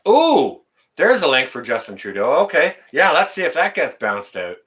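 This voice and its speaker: Male livestream host, a little high-pitched, bright tone, indignant casual ranting. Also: normal speed. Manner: animated, talks to chat viewers by name; indignant, rants and repeats phrases.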